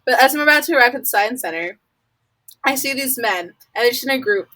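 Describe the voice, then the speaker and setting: A woman's voice: high voice, expressive, quick pace, pushed and bright, low-quality recording. Chatty young woman from Florida. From Florida, USA. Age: young adult. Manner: rambling, fills speech with "like", acts out her own reactions. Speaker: college student guest. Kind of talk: casual storytelling.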